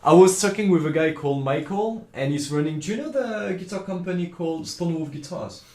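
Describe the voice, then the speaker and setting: A man's voice: fairly high pitch, a little fast. A man with a French accent, a guitarist guest chatting casually and telling stories with frequent laughs. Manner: animated storyteller, laughs often, swears casually. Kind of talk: casual chat. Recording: roomy echo.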